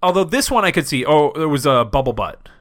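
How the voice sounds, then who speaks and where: A man in his thirties co-hosting a comedy podcast, reviewing a movie in casual, swearing banter that jumps into excited high bits. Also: fast, dry recording, studio quality. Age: 30s. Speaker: podcast co-host.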